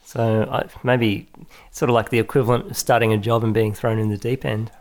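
A man co-hosting a casual film commentary chat, easygoing and halting as he thinks aloud. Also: lowish voice, flat delivery, darkish tone. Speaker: podcast co-host.

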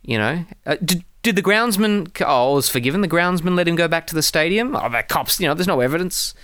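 Pria Australia, suara jernih dan hidup. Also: male voice, a little high, lively intonation, fast, fairly bright tone, smooth, dry recording, clean studio sound. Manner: playful, tries out accents, asks questions. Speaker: podcast co-host. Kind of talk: casual chat.

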